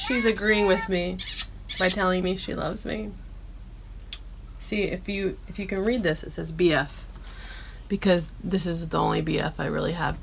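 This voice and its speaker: Loud, profane woman podcasting casually. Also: fairly low pitch, moderate pace, gravelly. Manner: loud, profane and animated, bursting into yelling. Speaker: podcast host. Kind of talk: casual chat.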